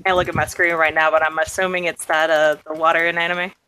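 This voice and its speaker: A man's voice: fairly high pitch, flat delivery, fast, bright, forceful tone, clean tone, no room sound, poor audio. A man playing a tabletop role-playing game, talking in a loose, rambling way. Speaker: player.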